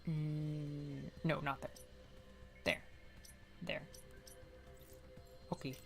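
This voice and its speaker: Low-voiced woman streamer, rambling chat. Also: level tone, vocal fry, soft background music. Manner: rambling, filler-heavy, quick to laugh and apologize. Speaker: game streamer. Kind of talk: casual live-stream commentary.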